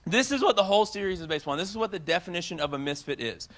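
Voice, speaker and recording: A young man in his twenties giving a casual youth sermon, telling a story in an animated way and talking straight to the crowd. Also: sits high, very fast. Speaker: youth speaker.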